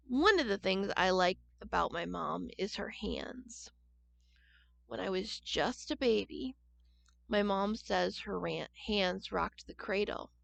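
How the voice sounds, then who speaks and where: A woman reading a children's picture book aloud at church, gentle and expressive, pausing to ask the listening children questions. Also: mid-range voice, creaky, no room sound. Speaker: church storyteller.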